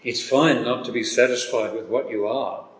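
A man preaching a sermon, reading scripture aloud slowly and with emphasis. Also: mid-range voice, steady tone. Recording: echoey hall with long reverb.

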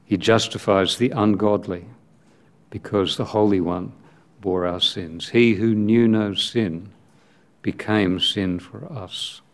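A man delivers a sermon in a fairly low voice at an unhurried, deliberate pace. He speaks in short, emphatic phrases with long pauses between them. He reads scripture aloud as part of the preaching. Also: fairly even intonation.

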